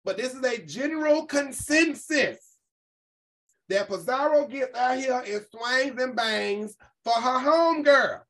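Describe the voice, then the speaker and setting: A woman hosting a casual commentary chat, talking in an animated, profane way and putting on other people's voices when she quotes them. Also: sits high, a little slow, rough recording. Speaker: host.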